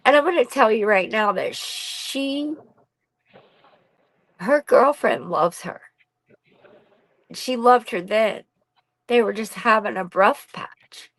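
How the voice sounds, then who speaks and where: A woman's voice: on the high side, slow, pauses often, fairly bright tone, low-quality recording. A middle-aged woman telling her own story as a podcast guest, blunt and raw, swearing freely. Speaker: podcast guest, bereaved mother. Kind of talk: candid personal storytelling.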